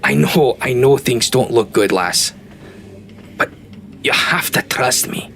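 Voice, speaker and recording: A man doing a gruff dwarf fighter. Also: medium pitch, slow pace, a bit bright, slight background noise. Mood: gentle. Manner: gruff, calls people lass. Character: gruff burly male dwarf fighter, stubborn but protective.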